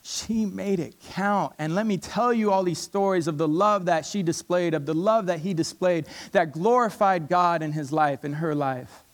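A man's voice: fairly high pitch, moderate pace, few pauses. A man preaching a sermon with passion, driving points home by repeating key phrases.

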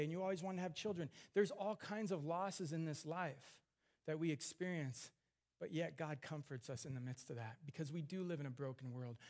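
A man preaches a sermon in a fairly high voice. He is earnest and moves between hushed, tender lines and rising, emphatic questions. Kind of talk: sermon teaching on scripture.

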